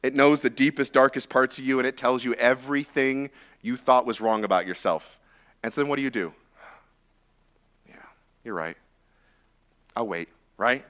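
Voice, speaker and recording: A man's voice: medium pitch, steady tone, a little fast, a bit bright, smooth. A man, a pastor, preaching a casual sermon that tells a Bible story informally with frequent "like" and "right?" asides.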